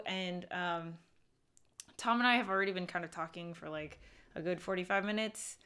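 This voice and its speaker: A woman's voice: on the low side, fairly even intonation, moderate pace, pushed and bright. A young woman hosting a live stream, talking casually and rambling with fillers and restarts. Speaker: vlogger and live-stream host.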